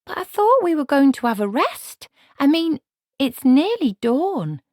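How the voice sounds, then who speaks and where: A woman's voice: high voice, sing-song, unhurried, darkish tone, no echo, studio quality, voice pushed up. A woman voicing a timid, earnest young witch who speaks hesitantly. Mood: pleading. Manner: hesitant, pleading.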